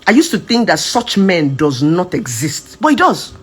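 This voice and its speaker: A woman speaks in a husky, slightly breathy voice. She talks to her social media followers as if chatting with them, emphatic and expressive. Her pitch swings widely as she moves between loud bursts and soft, quoted asides. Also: moderate pace, faint music behind. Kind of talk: casual personal testimony.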